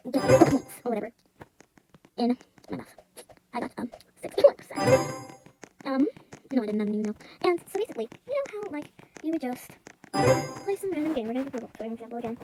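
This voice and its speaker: Sped-up female voice, very high and rushed, rambling story-time chatter over loud music. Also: poor audio. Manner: rambling, full of "like" and "you know".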